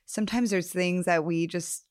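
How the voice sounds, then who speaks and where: Woman host, lowish voice, dry close sound, affirming conversational interviewer. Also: fairly even intonation, moderate pace, no room sound. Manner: affirming, frequent soft "mm" and "yeah". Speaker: podcast host.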